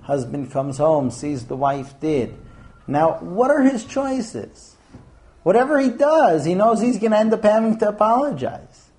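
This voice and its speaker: Male class teacher, animated and lively in pitch, dark mellow tone. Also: measured pace. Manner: animated, acts out scenes in different voices. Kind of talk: lecture to a class.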